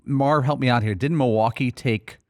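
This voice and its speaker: A man's voice: mid-range voice, normal speed, no echo, studio quality. A man producing a sports talk radio show, chatting casually and reminiscing about past drafts. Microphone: studio microphone.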